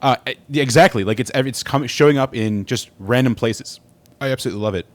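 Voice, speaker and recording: A man hosting a casual podcast, joking and relaxed, also reading an ad. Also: medium pitch. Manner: quick, joking, laid-back. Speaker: podcast host. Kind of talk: casual podcast chat and ad read.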